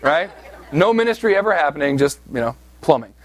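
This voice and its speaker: A man's voice: on the high side, very animated, brisk. A man from southeast Pennsylvania preaching a sermon, telling a personal story in a conversational, self-deprecating way with frequent "right?" asides. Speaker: pastor.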